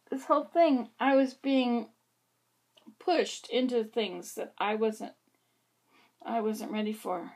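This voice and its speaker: A woman talks to her camera as if into a mirror, meandering through casual chat with quiet asides to herself. Her voice is a little high, and she speaks slowly with long pauses.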